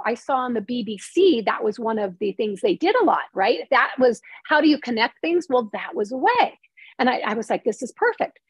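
A woman's voice: a little high, no room sound, low-quality recording. A woman screenwriter and novelist, talking in a casual interview and telling stories animatedly, with many restarts.

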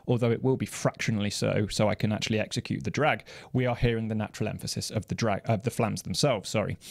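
A man explaining drum technique in a measured, precise, methodical way. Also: mid-range voice, vocal fry. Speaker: drum teacher. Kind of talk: instructional explanation. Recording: loud noise from snare drum playing. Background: snare drum playing.

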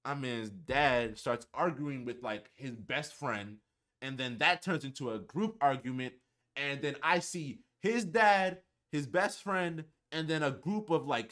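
A young man telling a casual storytime on his channel, animated and heavy on profanity and slang. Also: medium pitch. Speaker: vlogger.

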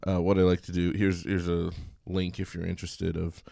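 A man giving a recorded college music lecture in a relaxed, chatty way, singing short examples. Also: sits low, normal speed, creaky, no room sound, clean studio sound.

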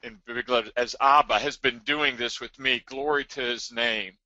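A man's voice: mid-range voice, steady tone, moderate pace, pushed and bright, no echo. A man hosting a live webinar, reading viewer comments aloud and affirming with frequent amens. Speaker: webinar host. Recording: dull, dry lo-fi web audio.

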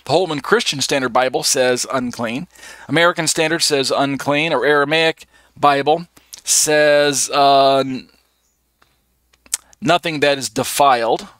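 A man's voice: mid-range voice, unhurried, fairly bright tone, no room sound. A man teaching a live online Bible study, working methodically through translations with frequent fillers. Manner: methodical, reads list aloud with many fillers.

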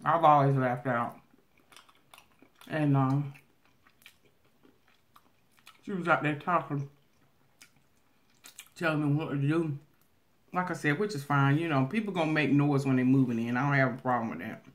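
A woman with a Southern country drawl, telling a story casually as a vlogger while eating on camera, talking loudly and laughing loud. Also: sits low, moderate pace, long pauses.

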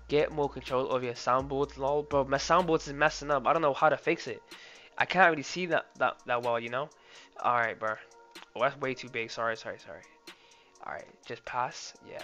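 A young man streaming live and reacting loudly, laughing and often saying "oh my days" and "bro". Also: medium pitch. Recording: dull lo-fi sound with faint music. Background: faint background music.

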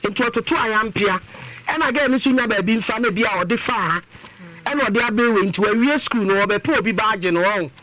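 A man with a high voice and a Ghanaian accent speaks at a normal speed as a panelist on a radio talk show. He is animated and emphatic, rising into exclamations, though the audio quality is poor.

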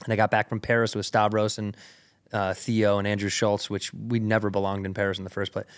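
A man's voice: lowish voice, level tone, brisk, clean tone. A man, a comedian guest on a podcast, telling a long story in casual, slang-heavy, swearing chat into a studio mic. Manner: loose and slangy, peppered with "like" and "rad", swears freely.

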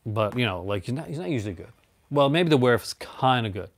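A man's voice: mid-range voice, expressive, fast talker, no room sound. A man hosting a casual, rambling chat about his movie collection, laughing often.

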